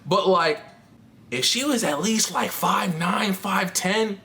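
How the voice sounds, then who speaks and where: A woman's voice: medium pitch, slow pace, very noisy. A trans woman vlogging to camera in a candid, rambling chat, laughing often and swearing casually.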